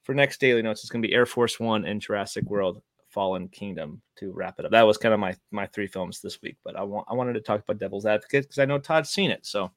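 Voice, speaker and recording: A man of middle pitch talks over a movie he just watched, stumbling through fillers and restarts as a podcast co-host. His voice sounds close and dry. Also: no echo. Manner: halting, filler-heavy. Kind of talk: casual movie review chat.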